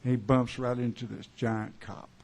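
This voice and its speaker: Gravelly-voiced man in rambling stage banter. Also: mid-range voice, flat delivery, a little mellow. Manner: rambling, halting, many pauses and fillers; wry, chuckling joke-teller. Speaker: singer-songwriter performing live. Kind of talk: onstage banter between songs. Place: small live music club.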